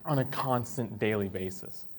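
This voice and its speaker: Speaking at a normal pace in a lowish voice, a young dancer and speaker shares personal stories in a casual talk. Sentences often end with "right?", and he plays out the people he quotes by raising his voice, keeping the storytelling animated.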